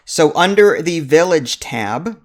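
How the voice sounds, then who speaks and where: A man's voice: fairly high pitch, lively intonation, takes it slowly, slight background noise. A man hosting a board game playthrough, reading the story text aloud and joking around. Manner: jokey, laughs at his own jokes. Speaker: game master and channel host.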